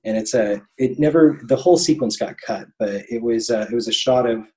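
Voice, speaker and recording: An animator in his thirties guests on an interview podcast, telling stories casually and rambling with lots of ums and restarts. His mid-range, darkish voice runs a little fast on a rough recording.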